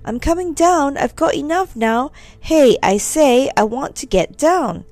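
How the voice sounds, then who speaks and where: A woman voicing an angry man shouting down from a tree in a storybook. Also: high voice, lively intonation, a little slow, dry recording, pitched above the performer's own voice. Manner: loud, bellowing.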